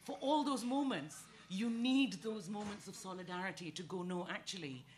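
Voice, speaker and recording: A woman on a comedy panel, telling a story quickly and acting out the voices of the people in it. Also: medium pitch, darkish tone, a little hiss or hum. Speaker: panel guest.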